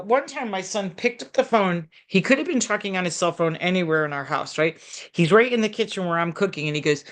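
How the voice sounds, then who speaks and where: A middle-aged woman therapist talks through parenting advice in a loose, animated way. Her voice sits a little low, and she speaks with frequent asides and restarts. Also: fairly quick. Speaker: therapist in private practice. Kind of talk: conversational advice talk. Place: local community TV program.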